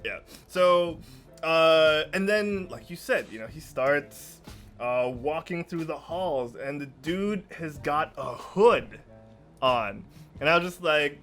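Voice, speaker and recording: A man co-hosting a podcast, chatting casually and gushing over a show, sometimes shouting in excitement. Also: on the high side, a little slow, faint music behind. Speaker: podcast co-host.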